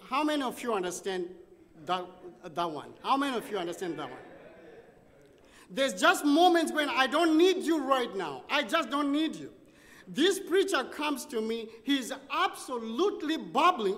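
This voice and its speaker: A male preacher telling a story in a sermon, with animated, dramatic delivery. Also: very high voice, a little slow. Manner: animated, dramatic storytelling with sudden drops and rises. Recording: long church reverb.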